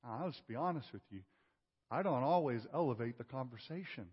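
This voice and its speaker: A male pastor preaching a sermon, asking rhetorical questions and swinging from loud emphasis to hushed tones. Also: medium pitch, animated, a little fast, breathy edge. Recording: dull audio with long hall reverb.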